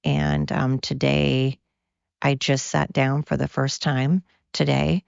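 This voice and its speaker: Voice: mid-range voice, level tone, slow, vocal fry, clean tone, no echo. An American podcast host in a casual, profane monologue, tired from overwork and going off on tangents. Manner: rambling, profane, goes off on tangents. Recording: dull lo-fi dry recording.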